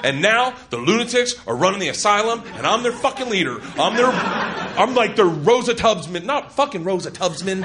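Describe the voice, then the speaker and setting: Guy comic rambling a crude story onstage, highish voice, loud crowd and noise. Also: big pitch swings, normal speed. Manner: rambling, crude, self-mocking, yelling bursts. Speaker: stand-up comedian. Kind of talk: stand-up storytelling. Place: comedy club stage. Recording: live club recording with loud crowd.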